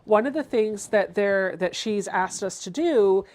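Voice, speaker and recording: A woman's voice: medium pitch, lively intonation, measured pace, a little mellow. A woman hosting a casual sewing livestream. She chats through each step and reads viewer comments aloud.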